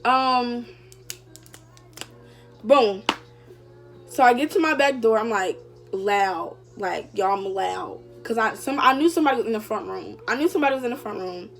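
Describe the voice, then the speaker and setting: A woman's voice: fairly high pitch, moderate pace, vocal fry, pauses often, faint music behind. A young woman vlogger casually telling a story to her viewers, chatty and full of fillers. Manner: chatty, addresses viewers directly, many fillers.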